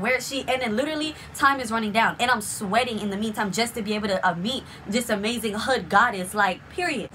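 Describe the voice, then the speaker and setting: Young woman, storytime vlog, rapid-fire, bright tense voice, faint room hum. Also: fairly high pitch. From South Florida. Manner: excitable, slangy, gushing storytelling. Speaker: vlogger.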